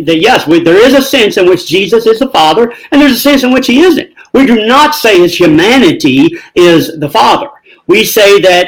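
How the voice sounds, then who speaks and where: A man's voice: sits high, low-quality recording. A man in a debate, giving emphatic, sarcastic rebuttals. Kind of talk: heated debate.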